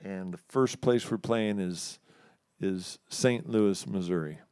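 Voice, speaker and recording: A man from Houston, a musician, telling a story in a casual, animated way, acting out the other people in it and laughing often. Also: sits low, takes it slowly, clean tone, no echo, clean studio sound. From Houston, Texas. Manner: animated, acts out quoted voices, laughs often. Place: live studio show.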